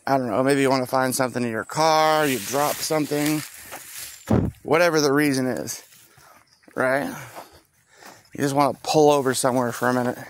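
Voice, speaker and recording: A man's voice: mid-range voice, steady tone, moderate pace, pauses often, slight background noise. A man rambling outdoors in a park, profane and meandering, trailing off with a rueful tone.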